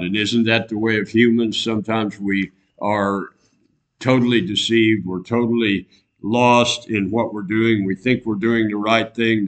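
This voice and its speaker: A man delivers a radio sermon in a low voice at an unhurried pace. He is earnest and circles back, repeating phrases to drive each point home. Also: a bit bright. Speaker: preacher.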